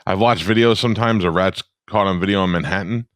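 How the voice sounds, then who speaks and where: A man with a very low voice that is smooth and resonant, holding forth as a radio host in loose podcast banter. He spins profane, rambling stories. His voice sits close and dry, with no room sound around it. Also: quick pace, a bit bright, dry recording. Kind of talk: casual podcast chat.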